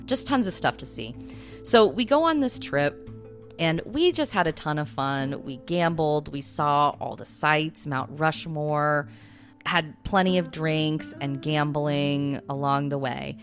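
A woman's voice: deep voice, unhurried, soft background music. A woman podcast host telling a story in a casual, rambling way, full of little asides.

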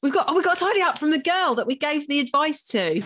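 A woman's voice: sits high, fast, slight background noise. A woman co-hosting a podcast, chatting crudely and reading listener emails aloud. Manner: crude, giggly, animated. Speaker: podcast co-host. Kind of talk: casual podcast chat.

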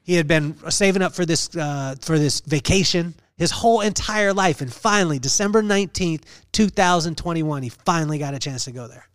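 A man hosting a podcast, telling an emotional personal story in an earnest, halting way with many fillers. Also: a little high, no room sound, studio quality. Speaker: podcast host.

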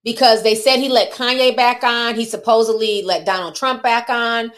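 Speaking straight to her viewers, a woman offers casual, chatty and opinionated commentary on celebrity news, laughing and teasing along the way. Her voice is a little high and a bit bright, with a steady tone at normal speed.

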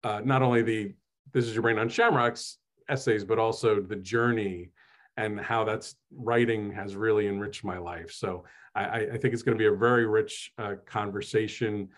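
Speaking at normal speed in a fairly low, fairly even voice, a host and author from New Jersey spins casual conversational stories. His delivery is chatty and self-deprecating, peppered with many fillers.

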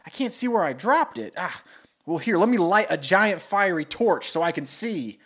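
A man's voice: high voice, expressive, moderate pace, fairly bright tone, pitched above the performer's own voice. A man voicing a clumsy, nervous male creature assistant who talks in a flustered rush. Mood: fumbling.

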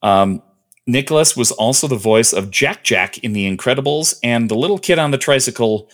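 A man's voice: mid-range voice, animated, normal speed. A man co-hosting a podcast in casual chat, listing trivia with lots of ums and uhs. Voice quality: rambling, listing trivia with many fillers. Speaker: podcast co-host.

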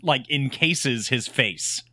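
A man co-hosting a casual podcast, laughing as he excitedly recounts movie scenes. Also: mid-range voice, takes it slowly, crowd noise. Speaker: podcast co-host. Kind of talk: casual movie recap chat.

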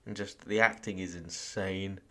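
A young man with a low voice chats on a podcast. He is laid-back and gushes freely, swearing as he goes. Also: fairly even intonation, a little slow, a bit bright. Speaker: podcast co-host. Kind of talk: casual chat.

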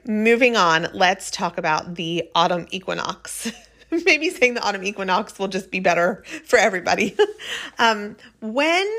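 A woman's voice: lowish voice, fairly bright tone. A woman hosting a podcast, talking casually and rambling on in a chatty, friendly monologue. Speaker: podcast host.

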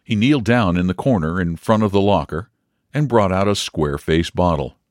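A man reading a story aloud as narrator, measured and expressive. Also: sits low, no room sound, clean studio sound. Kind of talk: audiobook reading.

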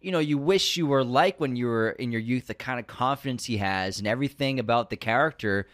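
A man's voice: medium pitch, brisk, a bit bright, no room sound, clean studio sound. A man casually discussing a film as a podcast co-host, enthusiastic as he lists and praises.

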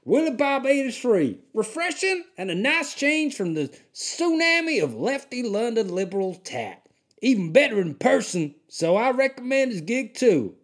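A man doing a drawling Deep South fan. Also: big pitch swings, normal speed. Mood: folksy. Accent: put-on American Deep South. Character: folksy male Deep South listener.

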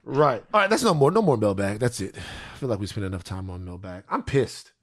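A man's voice: lowish voice, a little fast, over a noisy crowd. A man hosting a podcast in casual chat, ranting animatedly and swearing a lot. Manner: profane, animated ranting with repeated phrases. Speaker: podcast host.

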